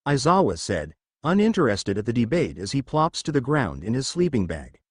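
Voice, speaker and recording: Lively male fanfic storyteller. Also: mid-range voice, normal speed, few pauses, slightly rough, no room sound, studio quality. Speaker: fanfiction narrator. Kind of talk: scripted storytelling narration.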